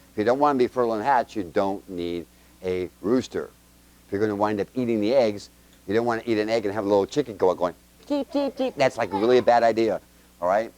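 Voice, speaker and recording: A man giving an informal Bible teaching to a congregation with children, firing quick questions at them in a chatty, joking way with homespun examples. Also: fairly low pitch, a little mellow. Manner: quizzes the audience with quick questions.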